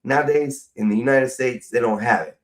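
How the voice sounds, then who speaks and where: A man with a drawl rambles through a casual livestream chat, cursing freely as he sips a drink. His voice sits at an ordinary middle pitch, loose and conversational. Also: a little fast, low-quality recording. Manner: profane, rambling, drinking while talking. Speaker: stream host.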